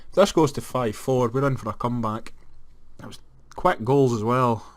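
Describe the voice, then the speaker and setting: Excitable Scottish man commentating a game. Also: medium pitch, normal speed. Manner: animated, jumps to excited shouts at goals. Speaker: gaming commentator. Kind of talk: casual let's-play commentary.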